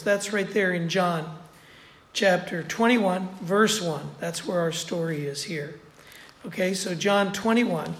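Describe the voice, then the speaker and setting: A preacher with a slightly bright, mid-range voice delivers a conversational sermon, repeating points for emphasis. The recording has a roomy echo.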